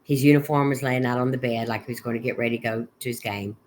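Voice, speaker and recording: A middle-aged woman, a guest on an interview podcast, recounting her son's final months in a halting way, with many restarts and recalled conversations. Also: rumbling low, steady tone, a little mellow, a little hiss or hum. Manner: halting, with frequent restarts and quoted dialogue. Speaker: guest, bereaved mother. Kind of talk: personal account in an interview.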